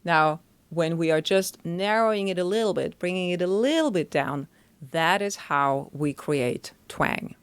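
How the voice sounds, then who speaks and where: Woman voice teacher, smooth lower voice. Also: animated, measured pace, dry recording. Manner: chatty, explains step by step, checks in with "right?". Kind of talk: explanatory singing lesson.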